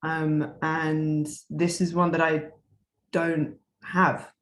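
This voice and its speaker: A British woman speaks as a podcast guest, cheerful and quick to laugh. Her voice comes through a video call that sounds roomy and echoey. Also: low-pitched, flat delivery. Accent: British English. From Britain. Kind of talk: casual chat.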